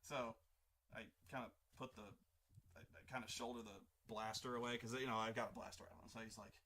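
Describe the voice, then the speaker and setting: A man hosting an art livestream, casually telling a profane, animated tabletop game story in a stop-start way. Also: medium pitch, fairly quick. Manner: animated, profane, full of restarts and acted-out voices. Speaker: artist livestream host.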